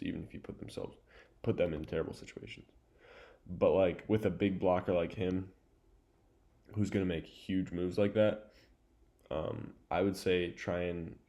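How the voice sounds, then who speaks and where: A man's voice: sits low, creaky, mellow. A young man casually breaking down volleyball game film, chatty and loose with lots of fillers and asides.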